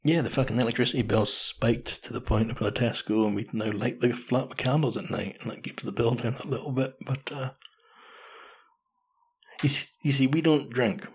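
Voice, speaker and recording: A man's voice: mid-range voice, moderate pace, husky. A man in his thirties hosting a podcast, chatting through a story in a casual, self-mocking way and swearing freely. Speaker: podcast host.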